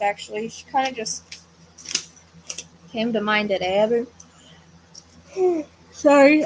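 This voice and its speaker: Her voice is medium in pitch, and the low-quality recording carries slight background noise. She is a woman hosting a psychic medium livestream from home, where a fan runs, and her casual chat is tired, hesitant and rambling, with lots of fillers and some yawns.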